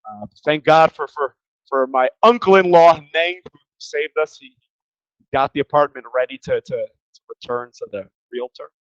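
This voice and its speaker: A man's voice: a little high, moderate pace, no echo. A man teaching English grammar in a casual, chatty way, tired and often repeating words as he thinks. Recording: slightly dull lo-fi sound.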